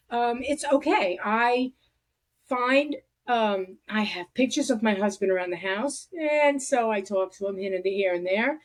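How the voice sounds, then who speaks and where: A woman hosting a podcast, talking in a reflective, halting way with many restarts. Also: on the high side. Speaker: podcast host. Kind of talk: casual conversation.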